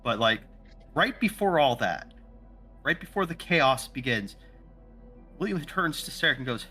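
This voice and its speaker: A man's voice: mid-range voice, very animated, a little slow, bright, forceful tone, husky, soft background music. A man playing a tabletop game, rambling and correcting himself with playful energy. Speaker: player. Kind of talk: tabletop role-play chat.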